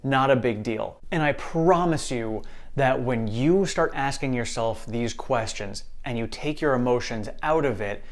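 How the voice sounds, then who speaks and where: Male investing host, mid pitch, casual and upbeat, reassures viewers directly. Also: measured pace. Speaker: stock market channel host.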